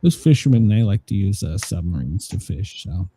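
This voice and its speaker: A man's voice: sits low, very animated, normal speed, warm tone, slightly rough. A man hosting a casual news commentary show, rambling with many fillers and laughing at his own jokes. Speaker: show host.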